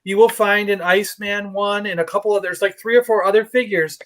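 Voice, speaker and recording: High-voiced man chatting casually. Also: fairly even intonation, a little fast, fairly bright tone, slight background noise. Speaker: toy show co-host. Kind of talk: casual chat.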